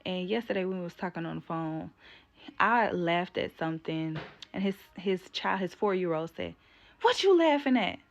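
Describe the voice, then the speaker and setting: A woman's voice: fairly low pitch, fairly even intonation, normal speed, dull audio. A woman telling a story about an argument in a casual rant, blunt and indignant, swearing freely and asking her viewers to weigh in. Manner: addresses viewers directly. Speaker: vlogger.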